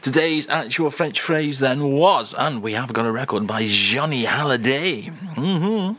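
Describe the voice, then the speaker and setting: A man hosts a comic radio-style segment in quick, jokey patter. His voice has a bright, forward edge, and his pitch bounces around lively as he talks. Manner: brisk, jokey, upbeat patter.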